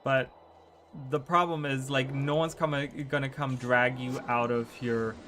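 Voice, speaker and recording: A man chats loosely to his stream audience from his desk at home. He talks at a middling pitch, drifts from thought to thought and fills the gaps with "like" and "um". A faint hum of room ambience sits underneath his voice. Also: little pitch movement, a little slow, fairly bright tone. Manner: rambling, filler-heavy, often asks "right?". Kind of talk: casual chat to stream viewers.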